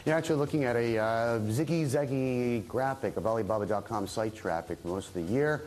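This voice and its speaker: A man's voice: medium pitch, moderate pace, darkish tone, rough recording. A man hosting a business news show, asking probing questions in a conversational way. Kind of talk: broadcast interview.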